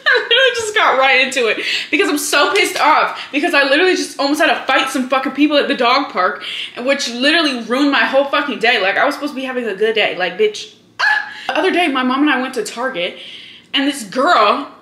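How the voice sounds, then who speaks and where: A woman in her twenties, from Hawaii, chatting fast and heatedly to camera in a casual vlog, full of profane storytelling. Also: high voice, expressive, sharp tone. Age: 20s. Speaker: vlogger. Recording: echoey room with faint noise.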